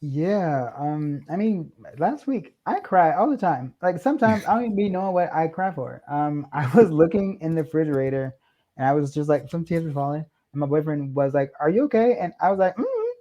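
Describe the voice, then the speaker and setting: Young guy on a podcast, super expressive, does little voices when he tells stories. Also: on the high side, fairly quick, highs cut off. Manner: animated storyteller acting out quoted lines. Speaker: podcast guest. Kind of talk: casual chat.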